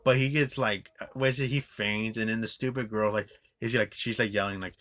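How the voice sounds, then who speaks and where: A man's voice: lowish voice, steady tone, fairly quick, a bit bright. Swearing man ranting about a movie. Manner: rambling with constant "like" fillers and restarts; swears often, scornful. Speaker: movie reviewer. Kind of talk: profane ranting movie review.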